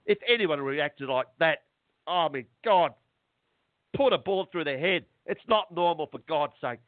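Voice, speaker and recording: A middle-aged man, a guest on a phone interview, talking in an agitated, halting way and repeating words. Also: on the high side, expressive, no echo. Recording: tinny dry phone line.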